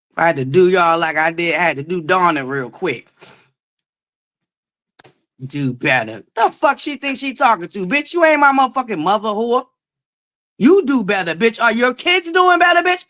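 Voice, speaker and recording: A woman hosting a livestream, loud and belligerent, who swears nonstop while greeting viewers and pushing for likes. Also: fairly high pitch, big pitch swings, measured pace. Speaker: livestream host. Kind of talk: profane live-chat commentary.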